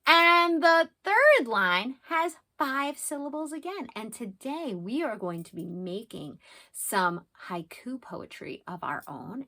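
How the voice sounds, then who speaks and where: A woman in her thirties teaching young children and reading a picture book aloud, sing-song and animated, with quiet asides. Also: mid-range voice.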